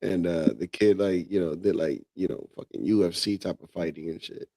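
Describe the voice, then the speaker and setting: A man's voice: sits low, fairly even intonation, fairly quick, mellow. A man rambling casually on a podcast, swearing freely. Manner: profane, rambling.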